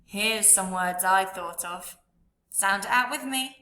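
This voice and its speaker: Slow, bright-voiced woman teaching phonics. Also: mid-range voice, reverberant. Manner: slow, drawn-out sounding out of letters with encouraging prompts. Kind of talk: children's phonics lesson.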